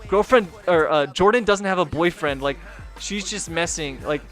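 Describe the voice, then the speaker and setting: A man's voice: fairly high pitch, moderate pace, a bit bright, faint music behind. A young man telling a personal story in a casual, rambling way, full of filler words and swearing. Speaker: gaming streamer and video host.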